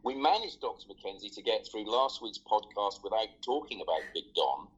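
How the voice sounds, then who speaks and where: A man hosting a podcast, relaxed and joking, with a lot of hesitations. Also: fairly low pitch, fairly quick, slightly rough, muffled recording. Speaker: podcast host. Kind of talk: casual podcast chat.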